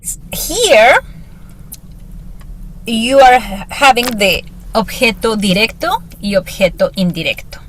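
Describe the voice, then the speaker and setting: A woman's voice: a little high, very animated, unhurried, long pauses, a little hiss or hum. Woman teaching a student one on one, patient and upbeat, walks through grammar. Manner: patient, encouraging, explains step by step. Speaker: Spanish teacher. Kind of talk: one-on-one language lesson.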